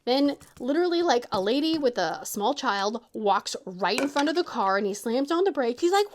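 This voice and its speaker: Animated chatty woman telling a story. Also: a little high, moderate pace, hardly any pauses, a little hiss or hum. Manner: animated, laughing, quoting others in a raised voice. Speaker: crafting channel host. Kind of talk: casual storytelling chat.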